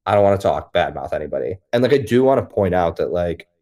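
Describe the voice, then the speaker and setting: A man's voice: deep voice, very animated, fast talker, dark tone. A man co-hosting a podcast, explaining things in a conversational way with many fillers. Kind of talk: casual chat.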